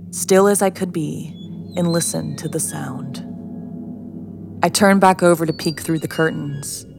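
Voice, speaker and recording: A woman narrating a scripted horror story in a hushed, slow, suspenseful way. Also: low voice, creaky. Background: music.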